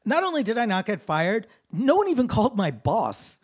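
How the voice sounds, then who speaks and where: A man telling a funny personal story on a theater stage, animated and self-deprecating, into a stage microphone. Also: sits high, moderate pace. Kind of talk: live comic storytelling.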